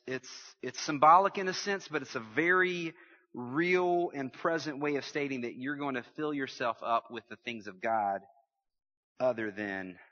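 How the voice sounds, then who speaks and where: Male pastor, animated and joking with the congregation, dull lo-fi audio. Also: medium pitch, long reverb tail. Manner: lively preaching with humor and audience call-outs. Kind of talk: sermon.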